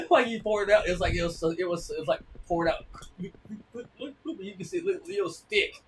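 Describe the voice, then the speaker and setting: A man's voice: high voice, moderate pace, slight background noise, rough recording. A man streaming a game and chatting to his partner and his viewers, rambling in a casual, drawling way and laughing between stories. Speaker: gaming streamer. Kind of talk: casual chat while gaming.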